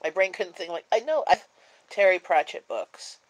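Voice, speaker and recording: A woman's voice: fairly low pitch, expressive, normal speed, rough recording. A woman hosting a casual live-stream chat, sleepy and yawning, rambling along with plenty of fillers. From Canada. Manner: rambling and chatty, many fillers.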